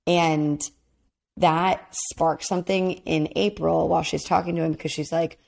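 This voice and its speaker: A woman's voice: deep voice, steady tone, normal speed, creaky, a little mellow. A woman co-hosting a podcast, recapping a reality dating show in casual chat with lots of fillers. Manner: chatty, lots of "like" and restarts. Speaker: podcast co-host.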